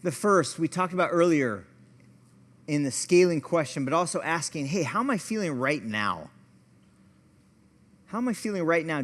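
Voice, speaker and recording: Man, fairly high voice, pastor teaching a class; chatty storyteller, mocks himself, echoey hall. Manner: conversational, storytelling, self-deprecating. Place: church hall.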